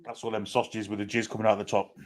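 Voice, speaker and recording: A man's voice: fairly low pitch, little pitch movement, rapid-fire. A man co-hosting, blunt and sweary, cracking mocking jokes in casual banter. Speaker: co-host.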